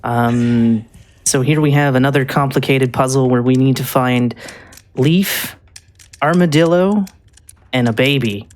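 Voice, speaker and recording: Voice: medium pitch, a little slow, a little mellow. A speedrunner giving casual live commentary on their own run, rambling a little with frequent ums and restarts.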